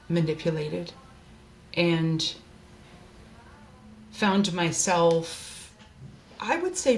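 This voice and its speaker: A woman hosts a candid personal monologue from her desk. Her voice sits a touch low and her delivery is earnest and heartfelt. A faint hiss of background noise runs underneath. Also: creaky. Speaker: host.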